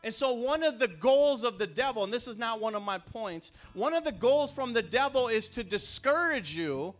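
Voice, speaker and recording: A man preaching a sermon, telling personal stories and building to fervent shouts. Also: extremely high pitch, lively intonation, moderate pace, faint music behind.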